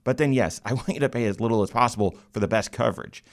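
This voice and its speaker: Lively joking man hosting a finance show. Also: medium pitch, fast talker. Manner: lively, joking, animated emphasis. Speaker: radio show host and financial planner. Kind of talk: casual finance talk show banter.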